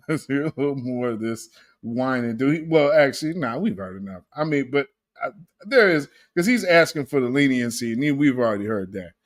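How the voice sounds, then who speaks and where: A man hosting a casual livestream, reacting to clips with animated commentary, laughing often and greeting viewers by name. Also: medium pitch, normal speed.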